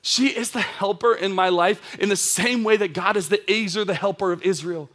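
Young adults pastor in his thirties, male, higher-pitched voice; casual, animated sermon delivery. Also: moderate pace. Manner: conversational, animated storyteller with casual asides.

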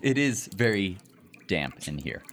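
A man narrating as game master, relaxed and descriptive with casual fillers. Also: sits low, measured pace. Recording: faint background noise.

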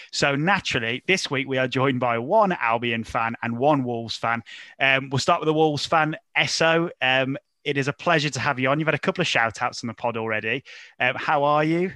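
A man's voice: medium pitch, normal speed, sharp tone, dry recording. A man hosting a casual football podcast, teasing his guests and laughing often. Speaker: podcast host.

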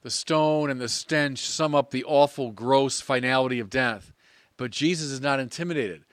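A priest preaching a sermon in an earnest, measured way with emphatic pauses. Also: male voice, medium pitch, fairly bright tone, no room sound, studio quality.

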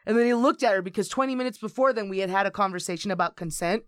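A woman's voice: medium pitch, very fast, no room sound, studio quality. A woman in her late twenties telling swear-laden stories in a casual podcast chat. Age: 20s. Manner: animated storyteller, swears freely. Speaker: podcast co-host.

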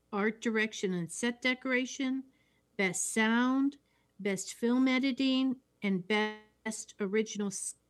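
A woman co-hosting a casual film chat, agreeable and unhurried, often trailing off mid-thought. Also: on the high side. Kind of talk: casual chat about films.

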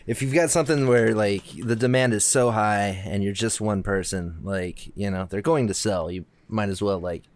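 Laid-back low-voiced male guest. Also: moderate pace, few pauses. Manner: laid-back, rambling, lots of fillers. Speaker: podcast guest. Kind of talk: casual chat.

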